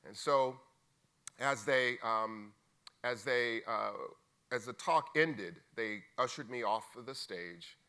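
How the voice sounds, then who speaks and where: A man's voice: medium pitch, slow pace, pushed and bright, clean tone. A middle-aged man giving a keynote talk, telling a personal story informally and acting out the dialogue. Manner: informal, acts out dialogue, calls people "man" and "brother". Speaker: keynote speaker. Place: conference stage.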